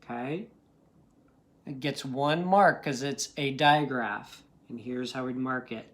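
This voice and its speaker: Patient man teaching slow phonics. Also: medium pitch, a bit bright. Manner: slow, patient, ends most sentences with a checking "okay?"; sounds out words and letters carefully. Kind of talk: recorded phonics lesson for young students.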